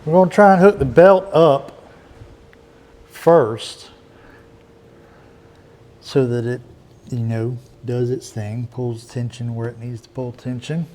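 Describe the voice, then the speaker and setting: A man's voice: medium pitch, slow pace, pauses often, a little mellow, a little hiss or hum. A man talking casually and rambling a bit as he repairs a car outdoors, in a folksy way. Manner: rambling, folksy, talks while working. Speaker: DIY car repair vlogger. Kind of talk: casual workshop chat.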